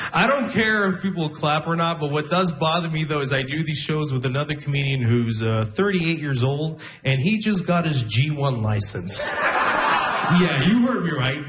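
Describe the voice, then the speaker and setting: A young man doing a stand-up comedy set, telling stories deadpan, laughing at his own lines and acting out other people. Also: on the high side. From immigrant to Canada. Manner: deadpan storytelling, breaks into laughter, acts out voices. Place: comedy club stage with audience.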